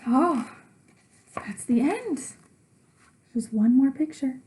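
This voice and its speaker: A woman teacher reading a children's book aloud in an expressive storytelling voice, asking her listeners questions along the way. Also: high voice, slow pace.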